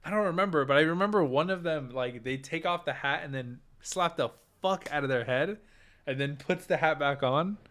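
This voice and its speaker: A man's voice: fairly high pitch, normal speed, fairly bright tone. Laid-back man chatting and laughing. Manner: laughs often, swears casually, trails off mid-sentence. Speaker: podcast co-host. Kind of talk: casual chat.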